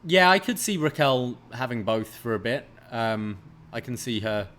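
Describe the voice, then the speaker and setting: A man co-hosting a wrestling review podcast, giving his opinions in a measured, casual way. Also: medium pitch, a bit bright, slight background noise. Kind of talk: casual recap chat.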